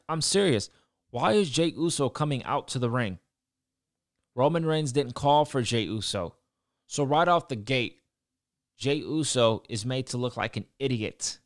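A man's voice: medium pitch, dry recording, studio quality. A man giving a casual, blunt recap of a show, swearing freely and ranting about what he disliked. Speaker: wrestling show reviewer.

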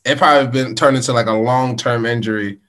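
A man's voice: medium pitch, fairly even intonation, quick pace, a bit bright. A man hosting a podcast in casual chat, laid-back, laughing easily and using slang. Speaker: podcast host.

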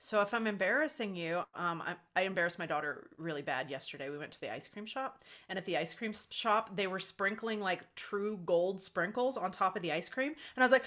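A woman's voice: medium pitch, fast, few pauses. A middle-aged woman guesting on a podcast in casual chat, telling stories with freely dropped swears and acted-out voices. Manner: animated storyteller, swears freely, acts out voices.

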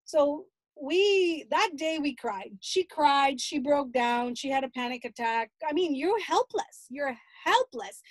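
High-voiced earnest woman, dry sound. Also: dry recording. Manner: earnest, pleading, indignant. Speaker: grandmother recounting family story. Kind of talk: emotional personal testimony.

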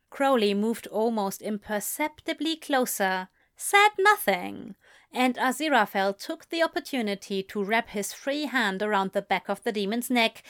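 A woman reading a romantic story aloud in a slow, measured way. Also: mid-range voice, a bit bright. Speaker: reader. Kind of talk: reading fan fiction aloud.

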